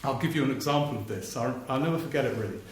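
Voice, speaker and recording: A man's voice: medium pitch, rapid-fire. Man telling stories on stage. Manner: storytelling, acts out politicians' voices for laughs. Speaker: political journalist performing on stage. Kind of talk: live one-man stage talk with anecdotes. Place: theatre stage before a live audience. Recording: very echoey live theatre recording, faint noise. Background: audience laughter.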